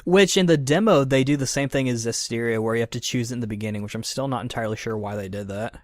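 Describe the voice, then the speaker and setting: A man's voice: medium pitch, quick pace, dry recording, studio quality. A man hosting a casual podcast discussion, thoughtful and hedging, with many fillers and restarts. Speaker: podcast host.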